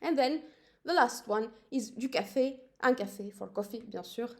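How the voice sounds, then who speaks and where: A woman gives a language lesson in a slightly high voice. She says each word slowly and repeats it so listeners can copy the pronunciation. Her delivery is patient and methodical. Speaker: French teacher.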